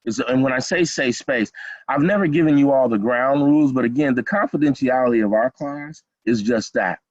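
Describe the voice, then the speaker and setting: Over dull, lo-fi video call audio with no echo, a middle-aged college program instructor runs an online class. He speaks fairly quickly at medium pitch, encouraging his students while repeating himself and leaning on fillers.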